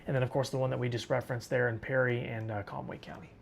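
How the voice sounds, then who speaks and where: A man's voice: medium pitch, flat delivery, quick pace, vocal fry, slight background noise. A man from western Arkansas hosting a live weather stream, casually talking straight to viewers and answering chat. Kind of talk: live storm coverage, reading chat.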